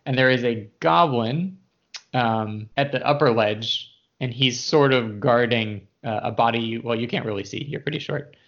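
A man narrating a tabletop game as game master, chatty and relaxed with many fillers. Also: mid-range voice, normal speed, creaky. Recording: dull lo-fi audio.

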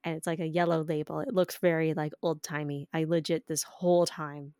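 A woman's voice: deep voice, level tone, a little fast, dark tone, dry recording, clean studio sound. A woman co-hosting a podcast, telling a story in casual chat, laughing often and swearing freely. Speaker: podcast co-host.

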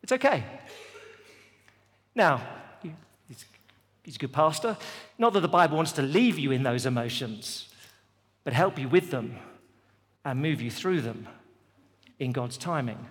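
A man's voice: mid-range voice, lively intonation, unhurried, long pauses. Preaching man in a reverberant hall. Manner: emphatic, repetitive preaching cadence. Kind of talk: sermon. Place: festival venue.

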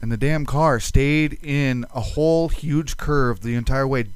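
A man as a podcast guest, chatting casually and telling stories in a relaxed, trailing way in a studio. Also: mid-range voice, measured pace, smooth, no echo. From lived in South Texas. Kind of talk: casual chat.

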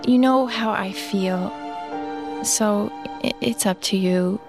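A soft, coaxing cartoon coworker. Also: female voice, mid-range voice, slow, over music. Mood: tender. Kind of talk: cartoon voice acting.

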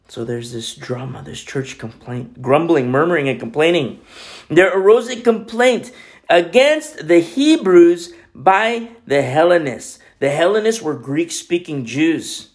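A joking, chatty male pastor preaching a relaxed sermon in a small home church room. His voice sits a little high for a man, and he keeps restarting his sentences as he goes. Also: a little slow. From Peru. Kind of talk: casual sermon.

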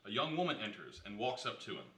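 A man's voice: fairly low pitch, very animated, quick pace, a bit bright, recorded from a distance. A man reading stage directions aloud in a plain descriptive way. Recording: roomy stage heard from afar.

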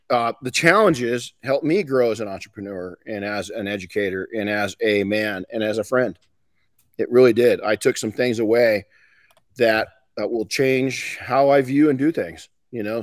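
A man's voice: mid-range voice, dry recording. A middle-aged man hosting a podcast, talking casually and folksily with frequent restarts. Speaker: podcast host. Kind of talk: casual motivational talk.

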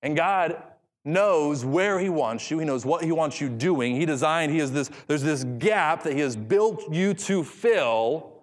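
A man's voice: on the high side, lively intonation, measured pace. A man preaching an expository sermon, reading scripture aloud and repeating key phrases for emphasis. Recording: long hall reverb.

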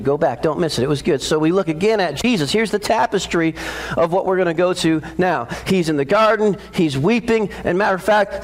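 Impassioned male preacher, dramatic swings. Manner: dramatic, rising to intense high peaks then dropping low and slow. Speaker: pastor. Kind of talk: sermon.

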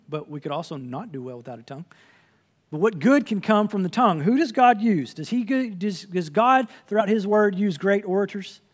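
A man's voice: sits high, animated, normal speed. A man preaching a sermon from the pulpit, earnest and conversational, quoting scripture as he teaches. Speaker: pastor.

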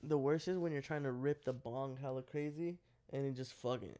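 A man's voice: medium pitch, normal speed, warm tone, clean tone. Slangy man chiming in. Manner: slangy, chiming in with short remarks. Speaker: podcast co-host. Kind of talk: casual chat.

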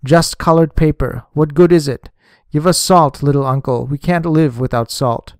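A scornful old peasant woman, put on by a male reader, her voice pitched up and pushed a little louder. She talks bluntly and dismissively in this audiobook scene, in a dry, close sound. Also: normal speed, dry recording, close to an everyday voice.

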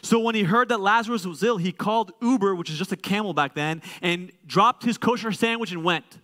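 Animated high-voiced male pastor preaching. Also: fairly quick. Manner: animated, joking and conversational, swinging from quiet asides to loud exclaims. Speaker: co-lead pastor. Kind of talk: sermon. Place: church.

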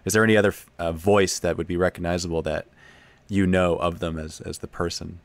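Deep-voiced eager man host. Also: level tone, no room sound. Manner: eager, halting questions with many fillers. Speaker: podcast host. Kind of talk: casual interview chat.

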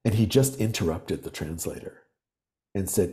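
A man talking as a podcast guest, explaining ideas in earnest, animated storytelling. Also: deep voice, normal speed. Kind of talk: reflective interview talk.

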